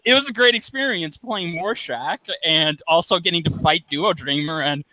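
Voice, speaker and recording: A man guest voice actor chatting on a podcast, animated and laughing often, with a light voice he says is not deep. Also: moderate pace, no echo, poor audio. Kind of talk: casual podcast chat.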